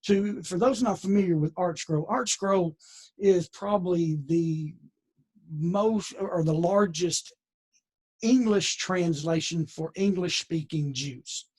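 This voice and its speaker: A man's voice: high-pitched, slow, a little mellow, husky. A man leading a conversational Bible lesson, folksy and digressive with many restarts. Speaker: Bible teacher.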